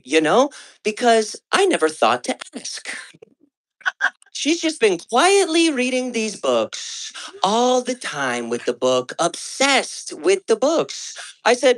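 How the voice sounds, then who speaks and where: A man's voice: high voice, big pitch swings, unhurried. A man on a comedy club stage performing a stand-up set, telling stories in a profane, exasperated way.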